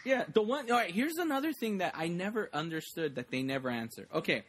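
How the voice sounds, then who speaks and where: A man in a casual movie chat, talking fast with lots of fillers and acting out lines from scenes. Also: high voice, lively intonation, fairly bright tone.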